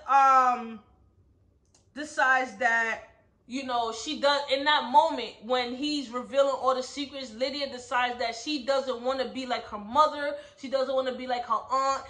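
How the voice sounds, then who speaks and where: A woman giving a casual, animated recap of a novel, often checking in with her listeners. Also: high voice. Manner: animated storyteller, asks "right?" often. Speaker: book club host. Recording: roomy echo.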